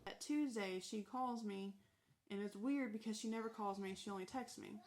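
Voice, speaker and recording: A woman's voice: medium pitch, moderate pace, darkish tone, a little hiss or hum. A woman, a former corrections officer, recounting her own story in the first person and quoting the dialogue matter-of-factly. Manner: matter-of-fact retelling with quoted dialogue.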